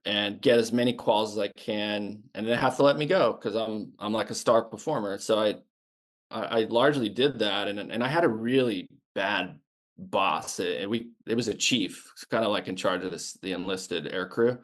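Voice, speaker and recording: A man in his fifties with a somewhat low voice tells stories from his Navy days in a loose, conversational way. He talks bluntly, swears freely and often stops and restarts his sentences. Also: normal speed. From United States. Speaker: podcast guest, former Navy sniper. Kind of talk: casual storytelling interview.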